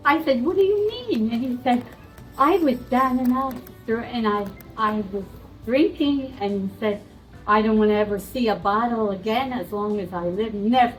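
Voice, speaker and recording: A woman's voice: fairly high pitch, normal speed, soft background music, low-quality recording. An older woman, a nun, casually telling a story and acting out the lines of the people in it. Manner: animated retelling with quoted dialogue. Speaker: nun and volunteer.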